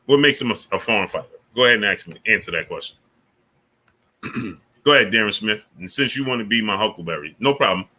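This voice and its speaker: A man's voice: lowish voice, animated, fast talker, sharp tone, breathy edge. A man hosting a casual live stream, greeting viewers by name and grumbling with indignation about the platform. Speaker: livestream host.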